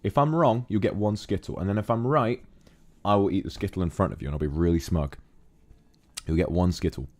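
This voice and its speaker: Very deep-voiced male streamer. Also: fast talker, darkish tone. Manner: affectionate, calls viewers darling. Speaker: streamer reading viewer donations. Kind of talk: casual livestream chat.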